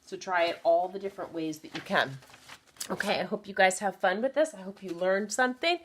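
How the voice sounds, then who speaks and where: A woman's voice: medium pitch, brisk, noisy background. A woman teacher giving a recorded phonics lesson to children, patiently sounding out words and encouraging them.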